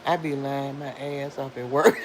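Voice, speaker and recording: A woman's voice: extremely low pitch, noisy background. A middle-aged woman, hosting a casual live stream and talking back to commenters, laughing often.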